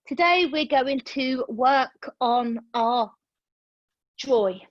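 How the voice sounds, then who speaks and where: A woman, leading a yoga class over a video call and telling a lively story, acting out her own reactions. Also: high-pitched, very slow, no echo, highs cut off. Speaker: yoga teacher. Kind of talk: chatty class talk with a personal story. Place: room used for online classes.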